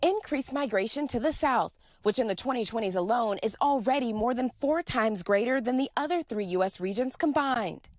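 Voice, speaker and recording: A woman reporter voices a scripted feature package in a lively, polished read. Her voice sits a bit high. The sound is dry and close to the mic. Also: moderate pace, no room sound. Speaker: news correspondent. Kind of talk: scripted news narration.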